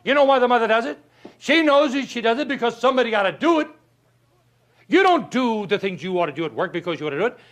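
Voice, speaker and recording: An older man giving a motivational talk, telling folksy stories and asking rhetorical questions, swinging from loud to hushed. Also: very high-pitched, sing-song, quick pace. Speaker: motivational speaker. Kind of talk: motivational speech.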